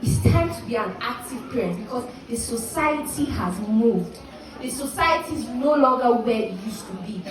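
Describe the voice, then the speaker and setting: A woman's voice: on the high side, animated, moderate pace. A young woman speaking at a school graduation, earnestly urging parents and acting out little dialogues between parent and child. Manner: earnest, preachy, acts out parent and child quotes. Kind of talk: exhortative speech to parents. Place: outdoor or large hall ceremony. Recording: echoey PA from far off, noisy.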